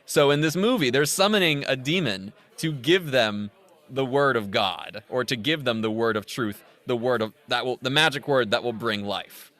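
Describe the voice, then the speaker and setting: A podcast co-host with a mid-range voice and moderate pace walks through a film's story in a relaxed yet animated recap. Along the way he acts out what the characters say.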